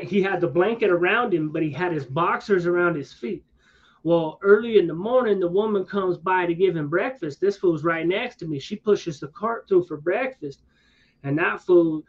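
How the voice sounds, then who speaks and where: A man with a high voice tells a loose, rambling story in easygoing chat, full of slangy asides and restarts. His voice comes through a dull, lo-fi recording. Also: husky. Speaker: streamer. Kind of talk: casual storytelling to a listener. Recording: dull lo-fi sound.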